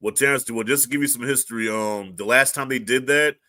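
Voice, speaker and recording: A middle-aged man chatting on a podcast with a bright, forceful tone. He tells stories with a lot of swearing and bursts of loudness. The sound is close and dry. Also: mid-range voice, a little fast, dry recording. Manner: animated storyteller, profane, loud outbursts. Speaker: podcast co-host. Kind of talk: casual chat.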